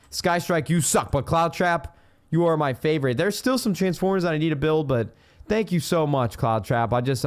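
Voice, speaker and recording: A young man hosting a casual let's-play, chatty and excitable, swearing now and then, talking into a studio mic on a boom arm at his home gaming setup. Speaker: gaming YouTuber host.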